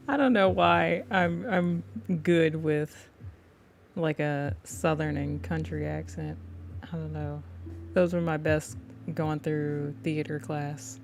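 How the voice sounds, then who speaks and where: A woman's voice: sits low, steady tone, slow pace, creaky, slight background noise. A woman artist on a live stream, chatting casually with her viewers, laid-back and laughing often.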